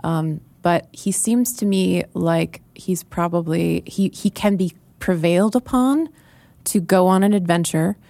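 Low, gravelly woman, thinking aloud. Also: unhurried, dark tone, no room sound. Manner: thoughtful, hesitant, many fillers. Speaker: guest character creator. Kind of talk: casual podcast chat.

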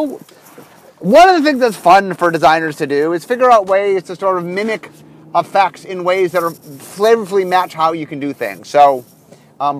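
Brief: man, podcast host, high lively voice, chatty car monologue, heard from a distance. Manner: animated, rambling with many fillers. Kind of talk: casual monologue while driving.

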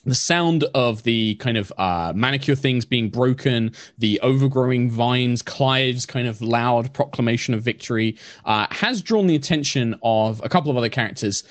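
Relaxed man running a tabletop game. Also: mid-range voice, normal speed, hardly any pauses, dry recording. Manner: relaxed, rambling narration with fillers. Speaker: game master.

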